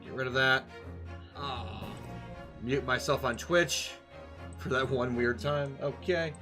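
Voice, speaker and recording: A man's voice: medium pitch, takes it slowly, over music. A young man streaming a video game, rambling and joking playfully as he plays. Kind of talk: casual let's-play commentary.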